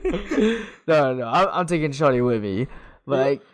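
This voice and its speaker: A man's voice: on the high side, very animated, moderate pace. A man co-hosting a casual podcast, laid-back and blunt, talking loosely with lots of filler words. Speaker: podcast co-host. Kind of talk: casual chat.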